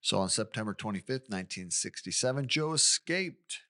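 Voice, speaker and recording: Guy telling a true crime story to his cohost, low voice but really animated. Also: normal speed. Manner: recounts the case conversationally with asides and questions. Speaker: podcast co-host.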